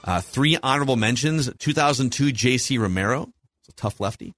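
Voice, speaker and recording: A man's voice: medium pitch, expressive, a little fast, fairly bright tone, soft background music. A man in his forties with a Minnesota accent, hosting a casual sports podcast and eagerly running through rankings. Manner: enthusiastic, lists rankings. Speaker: podcast host.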